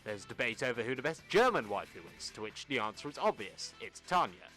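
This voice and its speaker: A man's voice: mid-range voice, big pitch swings, brisk, a bit bright, soft background music. A man from the United Kingdom narrating a scripted comedic video essay in a sarcastic, mock-serious way.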